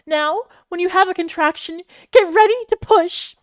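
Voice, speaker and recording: A woman voicing a brisk female hospital nurse in a fanfiction reading, urgent and coaxing. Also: very high voice, dry recording, clean studio sound, pitched above the performer's own voice.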